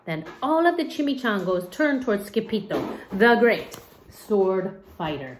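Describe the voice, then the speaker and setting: Expressive woman reading a picture book. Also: medium pitch, a little slow, a little hiss or hum. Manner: expressive, explains words. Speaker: teacher. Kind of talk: picture book read-aloud.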